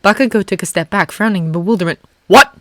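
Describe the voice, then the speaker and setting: A fan reader narrating a story chapter with an expressive delivery. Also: medium pitch, rapid-fire, dry recording. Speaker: fanfiction reader. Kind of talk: audiobook narration.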